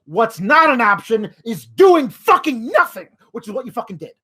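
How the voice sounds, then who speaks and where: A man's voice: extremely high pitch, sing-song, moderate pace, sharp tone, slightly rough. A man hosting a wrestling podcast, ranting in exasperation with frequent swearing. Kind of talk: podcast rant.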